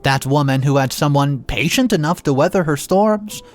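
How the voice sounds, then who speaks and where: Man, story narrator, fairly high-pitched, reads with feeling over faint background music. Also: moderate pace. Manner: expressive, dramatic reading with occasional restarts. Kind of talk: first-person story narration.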